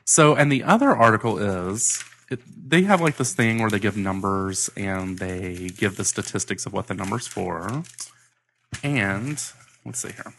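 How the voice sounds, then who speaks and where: A laid-back man hosts a casual podcast, chatting and reading out items from the paper. His voice sits fairly low, with a gravelly edge and a bright tone. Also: lively intonation, measured pace, a little hiss or hum. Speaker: podcast host. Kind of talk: casual chat.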